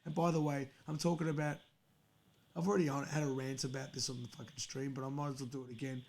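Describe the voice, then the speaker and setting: Ranting man, gravelly voice. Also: mid-range voice, level tone, fast, darkish tone. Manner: profane, heated storytelling. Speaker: podcast host. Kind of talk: angry casual rant on a stream.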